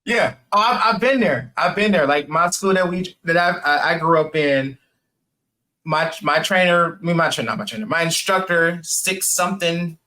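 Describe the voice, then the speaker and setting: On a podcast, a young man with a jiu-jitsu purple belt spins lively, informal tales, imitating the voices of the people he quotes. His pitch runs fairly high and his pace is moderate, and he laughs a lot while peppering everything with "man" and "like."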